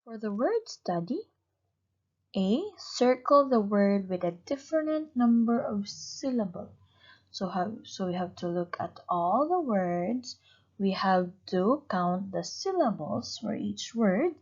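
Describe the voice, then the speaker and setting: A woman's voice: medium pitch, lively intonation, takes it slowly, a little mellow. A woman teaching an online lesson to young children, patiently asking questions and praising answers. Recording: slightly dull, lo-fi recording.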